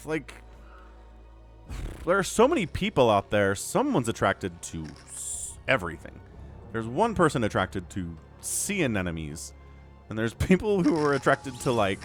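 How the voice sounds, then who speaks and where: A man's voice: mid-range voice, a bit bright. A man casting a strategy game match solo, chatty and rambling with jokey asides. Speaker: esports caster. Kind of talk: solo play-by-play game commentary.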